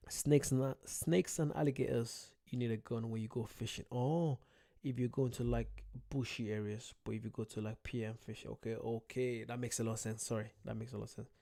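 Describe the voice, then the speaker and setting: A man's voice: mid-range voice, steady tone, normal speed, vocal fry, dark tone. A young man with an Irish accent, chatting casually on a livestream, reading out viewer comments, rambling and joking about himself. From Ireland. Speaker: streamer.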